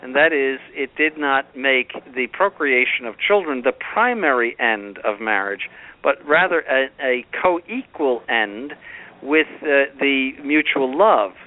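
A man's voice: mid-range voice, lively intonation, a little slow. Man, stern commentary, emphatic and repetitive, tinny phone-like sound. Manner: emphatic, repeats points firmly. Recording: phone-like narrow band.

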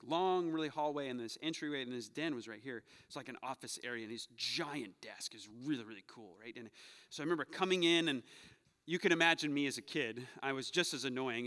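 Um jovem pastor pregando um sermão, contando histórias com humor e exortando a congregação com ênfase crescente. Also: male voice, mid-range voice, fairly quick. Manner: storytelling, joking, rising to loud urging. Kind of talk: sermon. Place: church sanctuary. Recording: long hall reverb.

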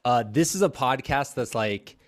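A man's voice: medium pitch, animated, normal speed. Jokey laid-back man hosting a podcast. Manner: jokey, laughs often, playful bits. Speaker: podcast host. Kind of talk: casual podcast chat.

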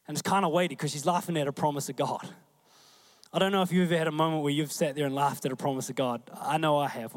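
A man with a New Zealand accent preaching a sermon in a conversational, animated way, often acting out the voices he quotes. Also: fairly high pitch.

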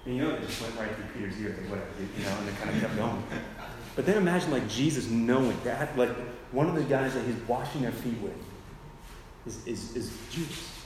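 A young youth speaker at a church gives a relaxed, slang-heavy sermon peppered with "dude" and "like," voicing the characters in his story as he goes. His mid-range voice moves a little fast, recorded in an echoey hall with faint ambience and noise behind him.

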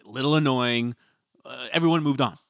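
A man's voice: medium pitch, a little fast, vocal fry, no echo. Dry-sounding man recapping reality TV. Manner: relaxed, wry storytelling with fillers. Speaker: podcast co-host. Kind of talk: casual reality TV recap chat.

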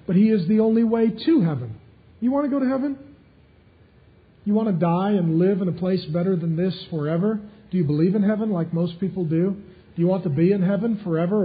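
Male pastor preaching, high voice, emphatic delivery that builds to loud peaks, slightly muffled audio. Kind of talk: sermon.

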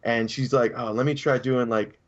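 A man's voice: medium pitch, steady tone, moderate pace. A man co-hosting a casual podcast chat, rambling through a story and acting out the quotes in raised voices. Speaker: podcast co-host. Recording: dull lo-fi sound.

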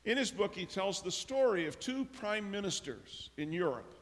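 A man preaching a sermon as pastor, telling stories and acting out the characters' lines with lively emphasis. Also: sits high, normal speed. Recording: long reverb of a large hall.

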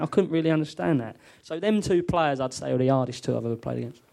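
A man tells animated stories, laughing often as he talks. His voice sits a little high for a man. He is a former footballer, recorded live on a theatre stage. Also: fast, creaky. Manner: laughing, animated anecdote telling. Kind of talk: live podcast storytelling. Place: theatre studio with audience.

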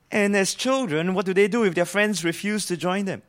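Male preacher, high voice, earnest explanatory sermon delivery. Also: brisk, hardly any pauses. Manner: earnest, explanatory, asks the listeners questions.

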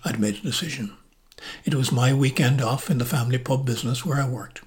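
An older Irish man reading his own memoir in a measured, reflective way, often dropping to a soft, breathy voice. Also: mid-range voice. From Ireland. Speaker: narrator, motoring and travel journalist.

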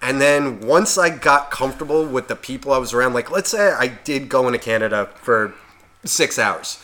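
A man's voice: medium pitch, animated, moderate pace, bright, forceful tone. A man co-hosting a podcast in casual chat, ranting and swearing constantly as he works himself up. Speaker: podcast co-host.

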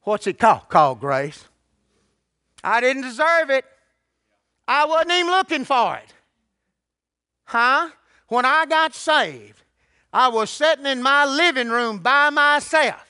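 A man's voice: very high-pitched, sing-song, slow pace, pauses often, pushed and bright, smooth, no room sound, clean studio sound. An older man preaching a sermon, telling his testimony in a folksy, colloquial way. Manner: folksy storytelling with colloquial grammar.

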